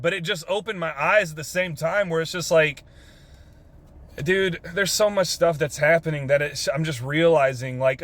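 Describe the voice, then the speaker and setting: A young Texan man with a drawl and a slightly high, somewhat bright voice vlogs from his parked car. He earnestly tells an emotional story, swearing casually and using plenty of fillers.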